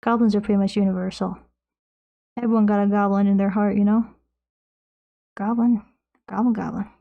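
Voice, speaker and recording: A woman's voice: medium pitch, fairly even intonation, brisk, vocal fry, phone-quality sound. A young woman streamer chatting casually while painting, playful and swearing freely.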